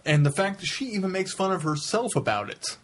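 A man's voice: high-pitched, very animated, fairly quick, a bit bright, slight background noise. A man co-hosting a casual chat, wry and teasing. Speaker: podcast co-host.

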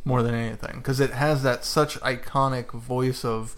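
A man's voice: mid-range voice, steady tone, normal speed. A man with an ordinary mid-range voice, talking casually on a podcast. He comes across as earnest, tripping over his words and laughing at himself now and then. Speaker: podcast co-host. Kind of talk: casual chat.

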